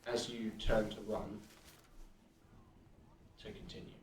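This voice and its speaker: A man narrating a tabletop game as game master, in unhurried speech with fillers and restarts. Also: lowish voice, completely flat delivery, echoey room, recorded from a distance, heavy background noise.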